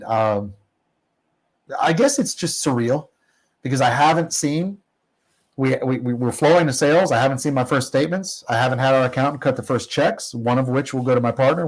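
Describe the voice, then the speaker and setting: A man's voice: mid-range voice, rough recording. A middle-aged man talks casually as a guest in an interview. He tells long anecdotes in a loose, rambling way, laughing at himself and often restarting his sentences. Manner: rambling, self-deprecating, many restarts. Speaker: guest, oil company operator.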